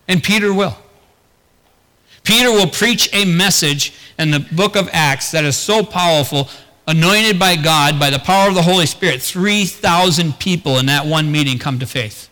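A man's voice: on the high side, sharp tone, big-room sound. A man preaching a sermon as pastor, talking earnestly and putting rhetorical questions to the congregation.

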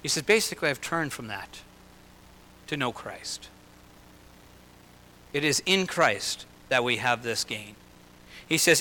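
A man preaching a sermon in an earnest way, slowing and lifting his voice for emphasis and dropping into personal asides. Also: mid-range voice, lively intonation, bright, forceful tone. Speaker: pastor. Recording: long hall reverb.

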